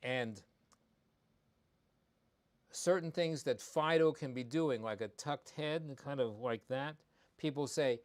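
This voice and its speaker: With a mid-range voice at a measured pace, the vet host speaks live about pet behavior. He stays conversational and emphatic, restating key points and stumbling into frequent ums and restarts.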